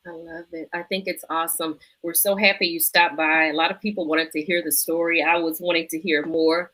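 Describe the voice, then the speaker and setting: A woman's voice: sits low, animated, fairly quick, bright, forceful tone, rough recording. A woman co-hosting a talk show, chatting playfully with the guest. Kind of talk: casual talk show chat.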